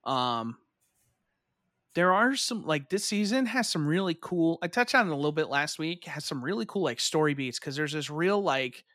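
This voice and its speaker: A man's voice: on the high side, animated, normal speed, fairly bright tone, dry recording, clean studio sound. A young man co-hosting a podcast in casual chat, rambling with lots of fillers and swearing freely.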